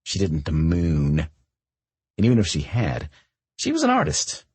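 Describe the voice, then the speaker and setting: Deep, husky-voiced male narrator. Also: huge pitch swings, unhurried, no room sound. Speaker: audiobook narrator. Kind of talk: scripted audiobook narration.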